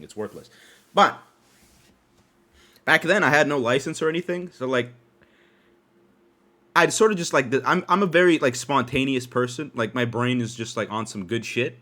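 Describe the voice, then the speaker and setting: Hosting his podcast, a young man from Canada tells a story in a laid-back solo monologue, swearing a lot, laughing and jumping abruptly in pitch. His tone is fairly bright.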